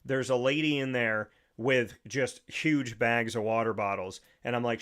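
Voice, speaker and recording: A man's voice: mid-range voice, steady tone, unhurried, fairly bright tone. A man hosting a sports talk show, telling a long personal story in a casual, rambling way with many restarts. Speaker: show host.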